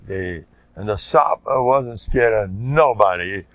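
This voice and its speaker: An older man with an American Orthodox Jewish English accent, a rabbi telling stories in an informal Torah class and bursting into loud shouted quotes. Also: lowish voice, animated, slow, dry recording. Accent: American Orthodox Jewish English with Yiddish words. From United States.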